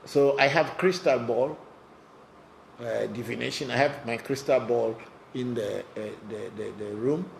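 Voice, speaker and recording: Gravelly-voiced blunt male spiritual teacher. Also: mid-range voice, a little slow, a little hiss or hum. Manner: blunt, straightforward, repeats words. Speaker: spiritual teacher answering viewer questions. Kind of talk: live online Q&A session.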